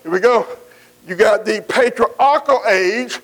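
A male preacher delivering a sermon. He repeats phrases, calls out amen to the congregation and slows down when reading scripture. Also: sits high, fairly bright tone.

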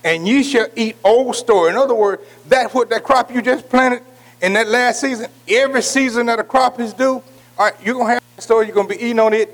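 A man teaching an informal Bible study, folksy and repetitive, calling out to listeners by name. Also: sits high.

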